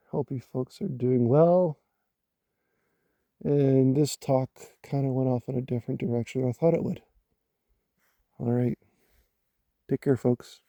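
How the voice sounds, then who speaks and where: Man with a very dark, mellow voice. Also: medium pitch, gravelly, no room sound. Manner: halting, repeats words as he gathers thoughts. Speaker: vlogger. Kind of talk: casual rambling talk to camera. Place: woods outdoors at night. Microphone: handheld phone.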